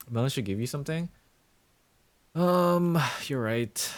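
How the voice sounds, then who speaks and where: A man's voice: medium pitch, expressive, measured pace, long pauses. A male streamer chatting casually with his viewers, playful and teasing in mock-villain banter.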